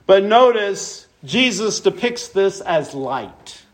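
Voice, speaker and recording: A man's voice: very animated, slow. A man preaching a sermon, reading scripture aloud and explaining it verse by verse, lifting his voice for emphasis. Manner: expository preaching, reads scripture aloud, rises in pitch for emphasis.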